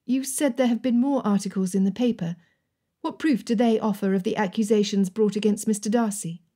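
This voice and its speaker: A woman reading the part of an anxious young Regency heroine, earnest with worry in her voice. The tone is soft, mellow and a touch breathy, as in a storybook audiobook. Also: medium pitch, steady tone, brisk, close to an everyday voice. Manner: worried, earnest.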